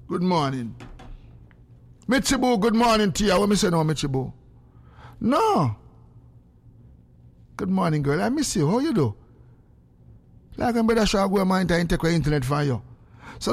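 A man chatting animatedly on a casual livestream, greeting viewers by name. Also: on the high side. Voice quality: gravelly, animated and excitable. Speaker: social media livestreamer. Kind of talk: casual live chat.

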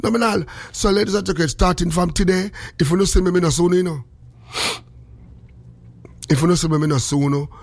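A man speaking patois in casual chat, rambling and animated with a sing-song lilt. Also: sits high, a little fast, long pauses, no echo.

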